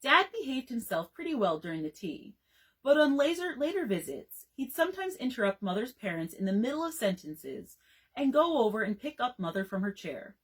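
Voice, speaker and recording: Librarian lady reading a bedtime story, expressive, kinda husky voice. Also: on the high side, normal speed, poor audio.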